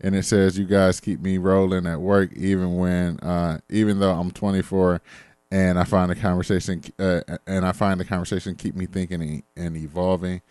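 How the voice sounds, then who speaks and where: Deep-voiced laid-back male podcast co-host. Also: flat delivery, a little mellow, clear, resonant tone, dry recording. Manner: laid-back, halting reading with fillers. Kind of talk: casual chat, reading listener reviews.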